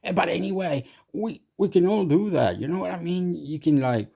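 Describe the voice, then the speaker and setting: A man's voice: sits high, normal speed, vocal fry, warm tone. A man telling crude, rambling comic stories as a vlogger. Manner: rambling, crude, many fillers and restarts.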